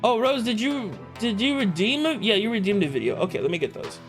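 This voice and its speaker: A man streaming live and chatting casually, animated, laughing often and swearing freely. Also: sits high, fairly quick, soft background music.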